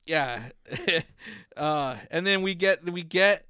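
A man co-hosting a casual podcast chat, animated and laughing often, swearing freely and acting out movie lines. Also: fairly high pitch, extremely slow, clean tone, no room sound, clean studio sound. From United States. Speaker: podcast co-host.

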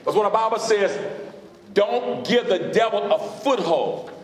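A man's voice: high-pitched, animated, measured pace, a little hiss or hum. A man preaching a sermon as pastor, questioning his congregation in call-and-response style from a church sanctuary. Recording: echoey hall.

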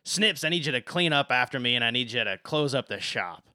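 A man's voice: mid-range voice, lively intonation, a little fast, pushed and bright, no room sound, clean studio sound. A man voicing a strong, tough female barber who owns her shop and speaks bluntly and dismissively. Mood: curt.

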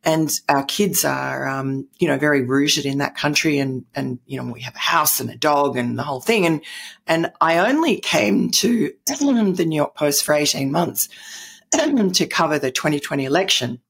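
A woman's voice: low-pitched, animated, normal speed, creaky, breathy edge. A middle-aged Australian woman, a guest in an interview, telling stories in a rambling way with many fillers and restarts. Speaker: guest columnist. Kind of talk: conversational interview.

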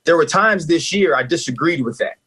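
Brief: husky man in his forties, sports radio guest, emphatic and lively, slightly high voice. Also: a little fast. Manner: animated, emphatic, laughs often. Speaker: guest analyst, former player.

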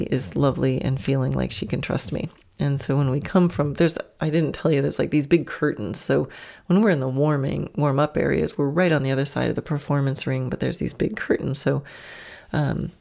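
A woman's voice: sits low, vocal fry, a little mellow. A woman hosting a podcast, casually telling a story, laughing often and voicing her horse's imagined thoughts. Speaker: podcast host and horse trainer.

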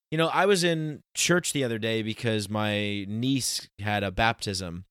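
A man in casual talk, rambling with many restarts and slowing down to stress his points. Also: on the low side, fairly bright tone, clear, resonant tone, no room sound, studio quality. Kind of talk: casual chat.

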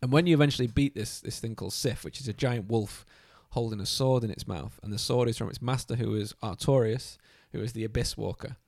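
A man in casual chat, talking with enthusiasm and swearing freely. The voice sits at a middling pitch. The sound is dry and close to the mic. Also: a little fast, hardly any pauses, a little mellow, no room sound. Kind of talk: casual chat about a video game.

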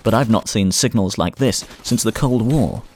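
A man's voice: lowish voice, moderate pace, a little mellow, slight background noise, close to an everyday voice. Man voicing a tense comms tech guy, audiobook thriller. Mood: urgent. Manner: urgent, reporting over comms. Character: tech specialist mercenary man, alert and urgent.

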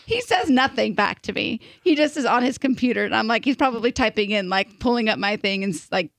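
A young woman co-hosting a podcast, telling a story in an animated, casual way with lots of "like". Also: fairly high pitch, brisk, creaky, no echo. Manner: animated, filler-heavy storytelling with "like". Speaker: podcast co-host.

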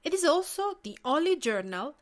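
A woman's voice: high-pitched, sing-song, normal speed. A woman in her late thirties from Tuscany with an Italian accent, hosting her own podcast in a scripted, earnest and personal way. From Tuscany, Italy. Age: 30s. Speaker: podcast host.

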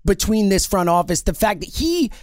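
A man co-hosting a sports podcast, ranting in an animated, exasperated way. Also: high-pitched, moderate pace, no echo, clean studio sound. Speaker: podcast co-host. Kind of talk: heated sports chat.

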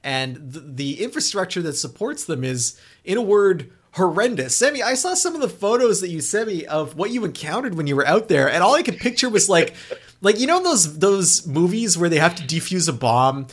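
A man hosting a casual car podcast, with dry, wry humor and slow, drawn-out emphasis. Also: high-pitched, sing-song. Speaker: podcast host.

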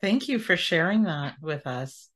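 A woman hosting a podcast interview, who thanks her guest and asks her questions in a gentle, affirming way. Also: fairly low pitch, animated, measured pace. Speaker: podcast host.

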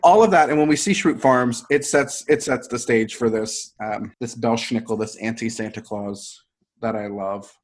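A man's voice: mid-range voice, normal speed. A man co-hosting a podcast, chatting about favorite sitcom moments, often laughing and restarting his sentences. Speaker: podcast co-host. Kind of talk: casual chat recapping a sitcom.

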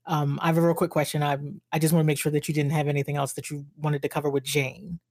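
A woman's voice: sits low, level tone, fast talker, a little mellow, no echo, studio quality. A woman co-hosting a podcast, talking casually about a book and often restarting her sentences. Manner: hesitant, restarts, many fillers like "like". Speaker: podcast co-host.

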